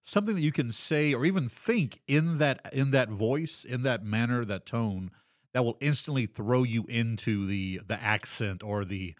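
A man's voice: medium pitch, dry recording, clean studio sound. A man co-hosting a podcast as a game master, chatting casually and rambling with lots of fillers. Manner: rambling, filler-heavy, drops into quick character voices. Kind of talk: casual chat.

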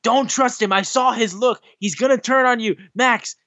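A man's voice: very high voice, normal speed, sharp tone, no echo, pitched above the performer's own voice. A man putting on the voice of a frantic young male wrestler who urgently pleads a warning.

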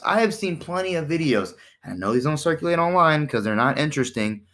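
A man's voice: fairly high pitch, fast. A man hosting a casual podcast monologue in a conversational way, often asking "right?" and acting out the exchanges he describes. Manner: animated, acts out quoted exchanges in shifting voices; conversational, with repeated "right?" and "you know". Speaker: podcast host.

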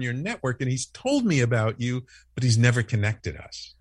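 A man telling a story in a casual interview, acting out the quoted lines with lively, animated delivery. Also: medium pitch, a little fast, dry recording. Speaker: podcast network founder, guest.

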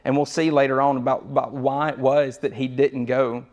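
A man's voice: mid-range voice, level tone, moderate pace, a little mellow, lo-fi sound. A young man preaching a sermon in a conversational way, often restarting and repeating words as he goes.

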